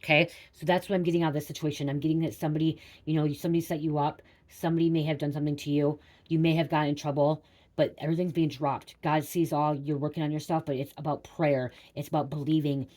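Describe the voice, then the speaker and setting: A woman's voice: low-pitched, little pitch movement, fast, darkish tone. A young woman tarot reader rambling through a personal story for her viewers, repeating herself and saying "like" a lot.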